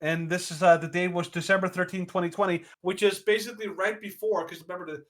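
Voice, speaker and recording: A man's voice: sits high, fairly even intonation, fast, rough recording. A man co-hosting a podcast, ranting emphatically with indignation and lots of fillers. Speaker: podcast co-host. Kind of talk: opinionated podcast rant.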